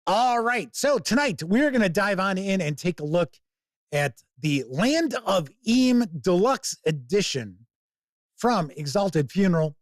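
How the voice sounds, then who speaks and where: A man hosting a tabletop gaming livestream in casual, unhurried chat. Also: high-pitched, dry recording, clean studio sound. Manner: unhurried, relaxed talk with fillers. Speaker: host.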